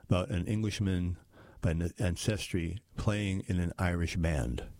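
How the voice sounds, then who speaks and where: A man's voice: low voice, steady tone, a little slow, a little mellow. A man reading aloud, voicing an easygoing, wry middle-aged ex-musician in an audiobook. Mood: reminiscing. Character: genial middle-aged male ex-musician, put-on Irish lilt.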